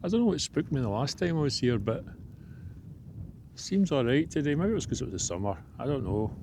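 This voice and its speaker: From a forest campsite outdoors, a Scottish man vlogs casually on his own, thinking aloud in a relaxed, rambling way. His mid-range voice is brisk and sing-song, with background noise audible behind him.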